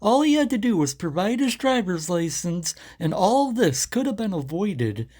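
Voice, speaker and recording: Woman narrating with lively pitch. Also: moderate pace. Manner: calm, plain-spoken commentary. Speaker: channel host narrating clips. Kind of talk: scripted commentary voice-over.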